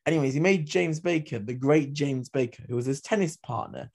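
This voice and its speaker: A man's voice: a little high, brisk, a little mellow. Passionate opinionated man telling history. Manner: passionate, opinionated storytelling with asides. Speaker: podcast host. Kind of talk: opinionated history podcast chat.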